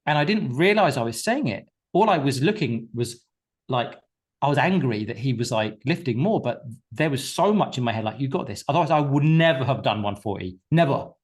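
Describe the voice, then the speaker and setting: A man's voice: medium pitch, expressive, fairly quick. A man coaching a group on a live call. He talks emphatically, repeats himself, and swears casually as he pushes his clients.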